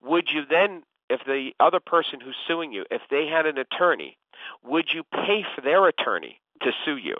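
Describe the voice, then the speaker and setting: A man's voice: on the high side, sing-song, normal speed, dry recording. A man acting as a real estate coach, giving instructive advice on a call and often addressing the listener by name. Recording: tinny phone line, dry.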